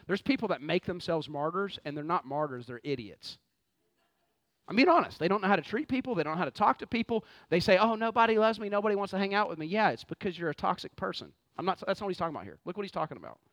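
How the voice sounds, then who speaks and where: A man preaching a lively, conversational sermon full of rhetorical questions. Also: on the high side, quick pace, no room sound. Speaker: pastor.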